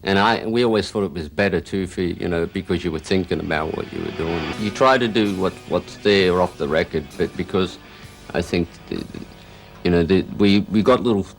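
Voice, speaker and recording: A rock guitarist talking casually in an interview, rambling and filling gaps with "you know", now and then chuckling. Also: male voice, sits low, normal speed, faint music behind. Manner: chuckles while telling stories.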